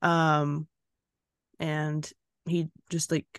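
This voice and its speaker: Giggly woman, low voice, rambling. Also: little pitch movement, drawn-out words, clear, resonant tone, no echo, clean studio sound. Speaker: podcast co-host. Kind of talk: casual book discussion.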